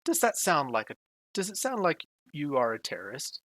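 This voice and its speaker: A man's voice: a little high, sing-song, fairly bright tone, dry recording, pitched above the performer's own voice. A man voicing a courteous male AI assistant, putting on a British manner with a raised voice. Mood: probing. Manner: courteous, measured, logical.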